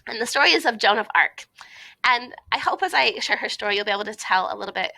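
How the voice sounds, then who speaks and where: A woman's voice: a little high, animated, fast, vocal fry, sharp tone, dry recording, poor audio. A woman giving an informal recorded talk to a youth conference, chatty, with frequent fillers and asides.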